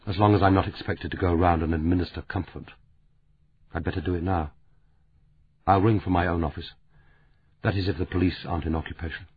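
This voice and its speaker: A man's voice: low-pitched, slight background noise, close to an everyday voice. A man voicing a sardonic, brittle middle-aged woman academic with a dry, cutting manner. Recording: narrow phone-like audiobook sound.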